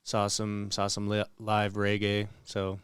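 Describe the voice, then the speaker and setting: Chill montana guy, super crisp clean voice, dry close mic, lots of uhs. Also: fairly low pitch, monotone, no room sound. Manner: laid-back, halting with fillers. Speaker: podcast co-host. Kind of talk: casual chat.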